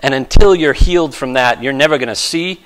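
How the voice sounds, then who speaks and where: A male pastor giving a conversational sermon, lively and self-deprecating, acting out quotes with sudden shifts of voice. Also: mid-range voice, a little fast, rough recording.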